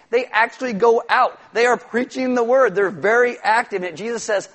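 High-voiced man preaching a lively sermon. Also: a little fast, hardly any pauses. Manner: animated, acts out quotes and shouts for emphasis. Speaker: pastor.

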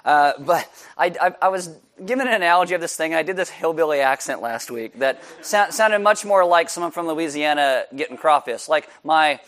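A man's voice: on the high side, a little fast, a bit bright. A man who is a pastor, giving a casual, joking sermon that also includes announcements and a prayer. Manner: joking, chatty, self-deprecating. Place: church service.

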